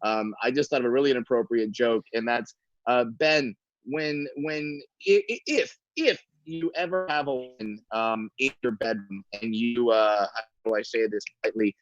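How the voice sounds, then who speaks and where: A man's voice: mid-range voice, moderate pace, no room sound. A man, a stand-up comedian, chatting casually as a guest, laughing often and rambling with restarts, heard over a lo-fi video call. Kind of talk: casual chat. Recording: dull lo-fi call audio.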